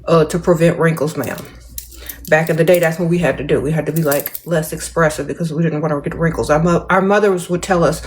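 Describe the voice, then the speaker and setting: A middle-aged woman hosting a casual livestream and chatting with viewers. She speaks with very little mouth movement, in a restrained, measured and playful drawl, and calls viewers "darling" and "y'all.". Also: sits low, steady tone. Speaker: livestream host. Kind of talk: casual livestream chat answering comments.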